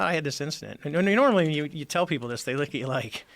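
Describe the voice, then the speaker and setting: A man's voice: a little high, lively intonation, very fast, a bit bright. A middle-aged man, a former Navy squadron commander, telling a story as a podcast guest and acting out the dialogue as he goes. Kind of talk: casual storytelling interview.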